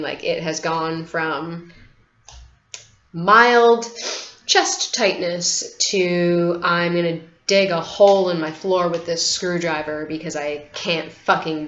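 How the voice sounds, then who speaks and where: A woman tells a personal story to camera in a candid, rambling way, full of "like" and casual swearing. Her voice sits on the lower side. The recording sounds roomy and a little dull and lo-fi. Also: fairly bright tone. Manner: candid, rambling, many "like" fillers, swears freely. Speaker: vlogger.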